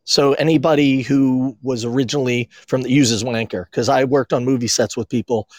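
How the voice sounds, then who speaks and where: A man's voice: mid-range voice, steady tone, brisk, a little mellow, dry recording. A man from Maine co-hosting a casual podcast, telling rambling stories and acting out quotes. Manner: rambling storyteller, acts out quotes. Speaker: podcast co-host. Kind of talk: casual chat.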